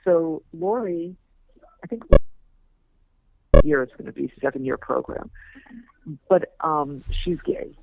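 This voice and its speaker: Older woman, gravelly voice, tinny phone line. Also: sits low, expressive, slow pace, pauses often, a little hiss or hum. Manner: rambling, hesitant, with many fillers. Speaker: parent on a recorded call. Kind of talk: casual phone chat.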